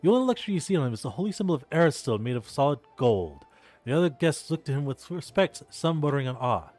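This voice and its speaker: A man hosting a let's play who reads game text and comments in an animated way, laughing often, into a close desk mic. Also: fairly high pitch, fast. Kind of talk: casual game commentary and narration.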